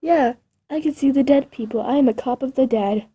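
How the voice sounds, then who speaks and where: A woman's voice: high voice, a little fast, dark tone, husky, highs cut off. A woman voicing a bossy female sheriff who speaks in a commanding, matter-of-fact way.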